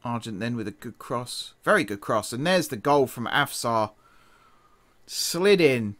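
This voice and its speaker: A man streaming a football management game, giving chatty play-by-play, laughing at his own slips and sounding tired from an early start. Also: no echo. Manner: chatty, self-correcting, quick laughs, shifts from excited to low mutters. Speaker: gaming streamer. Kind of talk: casual game commentary.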